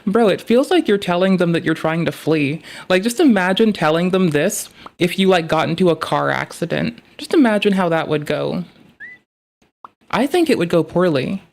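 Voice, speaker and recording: A woman's voice: lowish voice, animated, normal speed. Woman streamer, casual reaction commentary, sarcastic and sweary, rambling delivery.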